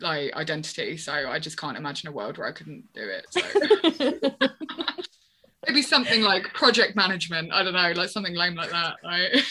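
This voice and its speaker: A woman guest on a podcast, a tattoo artist, talking casually in an expressive way with lots of "like" and hedging. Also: fairly low pitch, normal speed, long pauses, slightly rough. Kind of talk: casual chat.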